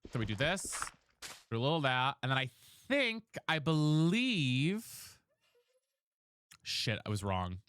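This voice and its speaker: A man's voice: mid-range voice, wildly swooping pitch, normal speed, pushed and bright, smooth. A man chatting casually on a live game stream, dramatic and chatty, thanking viewers by name. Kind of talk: casual live-stream chat while gaming.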